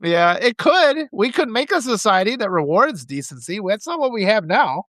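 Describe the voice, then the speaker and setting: Impassioned man, high lively voice. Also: moderate pace, no echo. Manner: impassioned, repetitive restarts. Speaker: live stream host. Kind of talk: political commentary, reading viewer comments.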